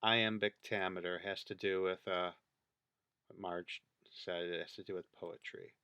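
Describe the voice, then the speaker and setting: A man with a very low voice but a bright, forceful edge talks casually over video clips. He thinks aloud, counts things out and points at details as he goes, close and dry. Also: steady tone, normal speed, clear, resonant tone, no room sound. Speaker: video creator.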